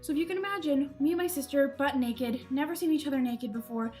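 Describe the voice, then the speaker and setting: A young woman with a high, bright-pitched voice tells stories about her own mishaps straight to camera, chatty and self-mocking, often breaking into laughter. Soft music plays faintly underneath. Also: quick pace. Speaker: vlogger. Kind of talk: casual storytelling to camera.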